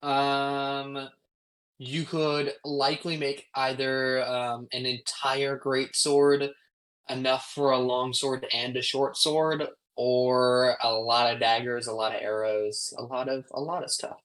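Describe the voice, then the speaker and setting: Male game master, casual rambling narration, mid-pitched voice. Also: slow, rough recording. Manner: relaxed, rambling narration with fillers.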